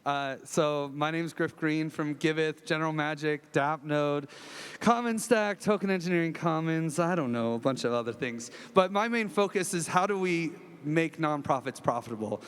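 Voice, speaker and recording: A man's voice: on the high side, normal speed, clean tone. A man introducing himself as a judge on a stage, talking in an emphatic, blunt way. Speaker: judge on a panel. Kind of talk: panel self-introduction. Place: large conference hall stage. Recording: reverberant large hall.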